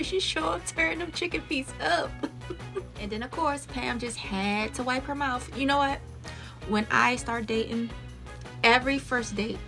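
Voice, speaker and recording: A woman's voice: high-pitched, pushed and bright. A woman casually recapping a series episode, laughing often and acting out the characters' lines in quotes.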